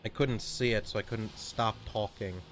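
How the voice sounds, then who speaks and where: A man's voice: fairly low pitch, steady tone, moderate pace, faint music behind. A man streaming a video game, chatting casually and ranting with a rambling, swearing delivery. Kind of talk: casual chat while streaming.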